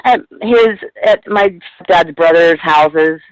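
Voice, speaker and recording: A woman's voice: lowish voice, slow pace, dry recording, poor audio. A middle-aged woman guest in a casual radio interview, talking in a rambling, heartfelt way with plenty of swearing.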